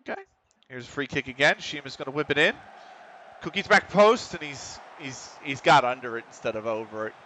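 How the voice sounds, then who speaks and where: A man calling a football management game live on stream, excitable and quick to swear. He talks straight to the players on screen. His voice sounds bright and forceful. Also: medium pitch, slight background noise.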